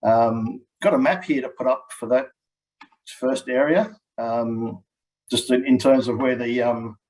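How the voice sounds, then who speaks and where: Relaxed Australian man presenting. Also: mid-range voice, unhurried, low-quality recording. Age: middle-aged. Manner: relaxed, chatty, frequent ums. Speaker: healthy landscape manager. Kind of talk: webinar presentation.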